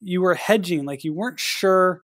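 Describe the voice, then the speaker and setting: A man co-hosting a casual writing podcast, talking in a measured, hesitant way with many fillers. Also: high-pitched, a bit bright, dry recording, clean studio sound. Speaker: podcast co-host and editor.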